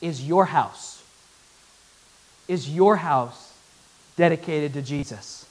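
A man preaching a sermon to his church, swinging from loud, excited bursts to hushed, earnest appeals. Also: fairly high pitch, slow. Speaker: pastor.

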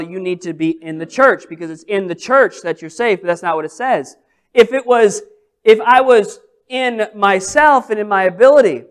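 A pastor delivers his sermon at an unhurried, deliberate pace. He stresses key words and repeats lines for weight. He poses rhetorical questions to his listeners. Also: high-pitched, clear, resonant tone. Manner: slow, emphatic preaching with repeated phrases and rhetorical questions.

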